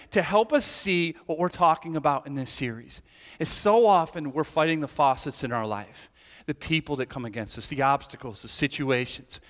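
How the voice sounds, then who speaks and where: A male pastor delivers a lively sermon with a slightly high voice. His words ring out with a long reverb, as if recorded in a large church sanctuary. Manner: animated storytelling preacher, then earnest prayer.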